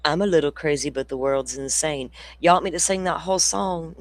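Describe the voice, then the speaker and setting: A man's voice: a little high, steady tone, a little fast. A man hosting a casual true crime livestream, rambling through stories, laughing often and swearing freely. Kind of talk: casual chat with viewers.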